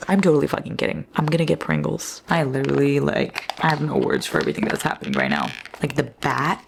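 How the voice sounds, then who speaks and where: A woman's voice: a bass voice, lively intonation, fairly quick, gravelly, background noise. A woman in her twenties chatting casually in a reading vlog, rambling, swearing freely and often dropping into whispers. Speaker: book vlogger.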